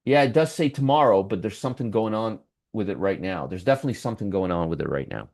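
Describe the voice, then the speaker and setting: A man's voice: lowish voice, lively intonation, fast, darkish tone, no echo. Male trading host, dry close sound, teasing and wry, live commentary.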